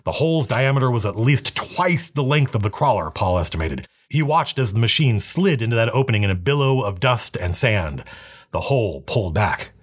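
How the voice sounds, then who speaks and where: A man reading a novel aloud with a steady, even storytelling manner. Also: medium pitch, normal speed, husky.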